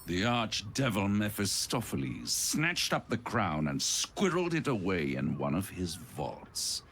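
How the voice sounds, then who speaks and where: An actor voicing an ancient scheming male devil in a video game, with a deep, theatrical, relishing drawl. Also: very animated, a little slow, vocal fry, a bit bright, a little hiss or hum, heavily acted. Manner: grand, relishing, mocking delivery. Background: game music.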